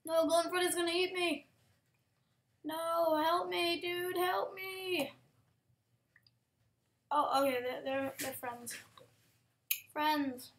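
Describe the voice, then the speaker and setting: A woman giving casual gaming commentary, excitable, with frequent exclamations and whispered asides. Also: extremely high pitch, takes it slowly, pauses often. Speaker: gameplay commentator.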